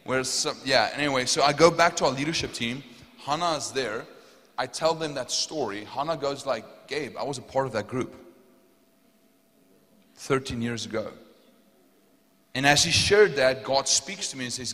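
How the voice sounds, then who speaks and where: Young South African male pastor, storytelling sermon delivery with fervent peaks, mid-pitched, long hall reverb. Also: moderate pace, a bit bright. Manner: storytelling, rising to fervent emphasis.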